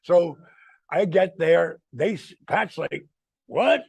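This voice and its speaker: A man's voice: fairly high pitch, takes it slowly, vocal fry, darkish tone, breathy edge, dry recording. A man in his sixties telling a wrestling-road story in a casual chat, acting out the people he quotes and swearing freely. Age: 60s. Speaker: retired wrestler telling stories.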